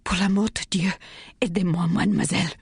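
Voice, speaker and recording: A woman's voice: lowish voice, fairly even intonation, quick pace, breathy edge, no echo. A woman narrator voicing a wounded young Frenchman who pleads breathlessly with a French accent. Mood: pleading.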